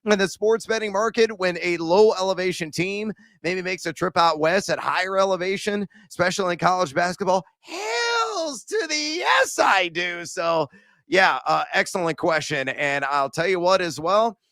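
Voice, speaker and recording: A male sports betting show host with a bright, somewhat high voice. He rambles through casual banter and jokes, full of "uh" fillers. The studio sound is dry and close. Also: steady tone, moderate pace, no room sound. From Central Illinois. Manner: rambling, jokey, many "uh" fillers.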